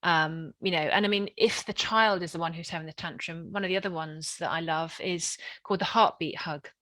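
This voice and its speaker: A woman talking in a gentle, explanatory way during a casual conversation and laughing easily. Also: lowish voice, fairly even intonation, a little fast, dry recording.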